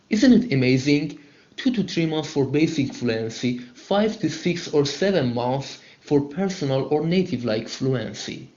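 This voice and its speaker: Man, English teacher, chatty, upbeat, fillers, slightly high voice, roomy echo. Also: animated, normal speed, a little mellow, muffled recording. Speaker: English teacher answering student calls. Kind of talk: live lesson and call-in Q&A.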